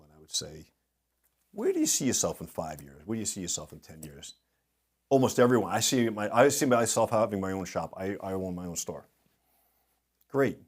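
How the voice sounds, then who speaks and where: A middle-aged man speaking as a guest in an interview, telling lively anecdotes and acting out the voices of people he quotes. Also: low voice. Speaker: guest speaker, industry consultant. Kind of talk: storytelling in a podcast interview.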